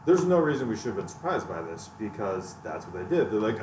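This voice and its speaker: A lower-voiced man griping wryly about gaming on a podcast. The mic is a little distant in an echoey room. Steady noise hums behind him. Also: a little fast, few pauses. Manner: wry, griping. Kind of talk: casual chat.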